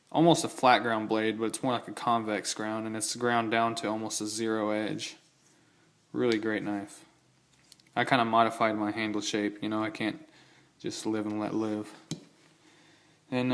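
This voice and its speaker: Low-voiced man rambling about his knives. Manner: rambling, self-correcting, enthusiastic asides. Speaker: knife collector showing his gear. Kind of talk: casual show-and-tell vlog.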